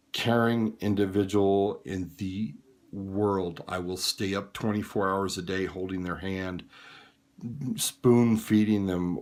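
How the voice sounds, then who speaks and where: A man giving frank, plain-spoken advice on caring for dying relatives in an informal talk. He sounds tired late at night. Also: lowish voice. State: tired and yawning. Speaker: hospice care advisor.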